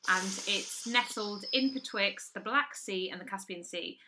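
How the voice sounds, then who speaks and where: A woman co-hosting an improvised comedy chat at home, telling long tangential stories in a deadpan, rambling way. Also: mid-range voice, measured pace, background noise. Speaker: comedy podcast co-host. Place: house in London.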